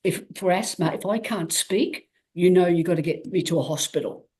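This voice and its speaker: A woman's voice: lowish voice, normal speed. A woman from Australia, a guest athlete in an interview, telling her story candidly, acting out quoted dialogue with lots of restarts. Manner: animated, acts out quoted dialogue, frequent restarts.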